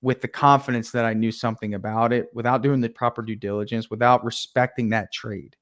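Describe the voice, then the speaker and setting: A man's voice: medium pitch, fairly even intonation, brisk. A young man telling a story in casual talk as a podcast guest, acting out his own past lines with energy. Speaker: podcast guest, painting contractor.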